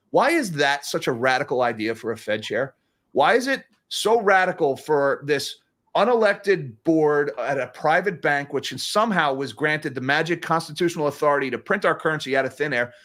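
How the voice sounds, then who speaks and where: A man's voice: a little high, expressive, normal speed, fairly bright tone. A man hosting a casual livestream about economics, reading super chats with a sarcastic, chuckling manner and frequent restarts.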